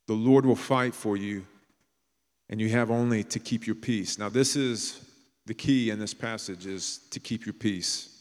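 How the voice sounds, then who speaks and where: Low-voiced preacher in a reverberant hall. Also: male voice, a little slow. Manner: earnest preaching that drops into hushed storytelling. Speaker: pastor. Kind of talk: sermon. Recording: long reverb of a large hall.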